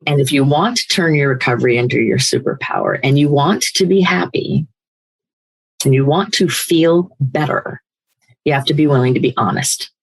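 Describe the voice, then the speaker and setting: An older woman hosting a recovery podcast, speaking in a firm, emphatic, animated motivational way. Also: rumbling low, normal speed, creaky, husky, rough recording. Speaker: podcast host, recovery coach. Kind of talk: motivational talk.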